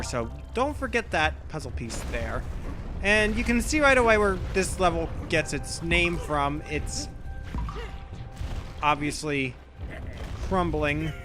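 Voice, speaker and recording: A young man giving casual, rambling let's play commentary, often correcting himself as he thinks aloud. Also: on the high side. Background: game music.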